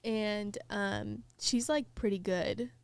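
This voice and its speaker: A woman's voice: mid-range voice, slow pace, a crowd in the background. A young woman hosting a podcast, telling a story animatedly with lots of "like" and laughter. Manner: animated storyteller, heavy use of "like", laughs mid-sentence. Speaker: podcast host. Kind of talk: casual chat, storytelling.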